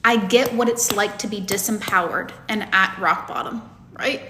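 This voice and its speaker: A woman's voice: medium pitch, fairly even intonation, normal speed, bright, forceful tone. Blunt, profane woman lecturing in an echoey room. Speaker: manifestation coach. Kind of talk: lecture to students.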